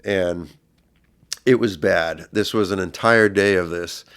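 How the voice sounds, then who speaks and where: A middle-aged man speaks as a podcast guest, recounting a personal ordeal with earnest emotion. His voice sits low and deep and is smooth and resonant, and it grows louder when the story turns intense. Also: slow.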